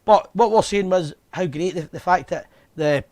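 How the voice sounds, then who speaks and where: A man's voice: high-pitched, normal speed, a little mellow. A Scottish man hosting a fan live show, chatting in a casual, jokey, bantering way. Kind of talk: casual chat.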